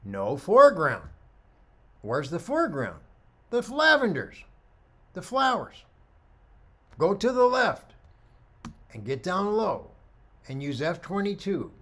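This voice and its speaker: Animated middle-aged male photography teacher. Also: medium pitch. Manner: animated storyteller, acts out dialogue. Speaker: photography instructor. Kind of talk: lecture with slide commentary.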